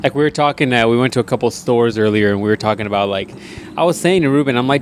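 A man's voice: medium pitch, quick pace, slight background noise. A man co-hosting a casual podcast, riffing crudely and jokingly with his friend. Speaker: podcast co-host.

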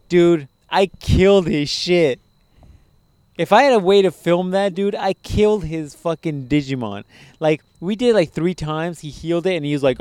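A young man hosting a podcast, telling profane, animated stories in a casual chat. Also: on the high side, normal speed, clear, resonant tone, no echo. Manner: profane, animated storytelling with laughs. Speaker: podcast host.

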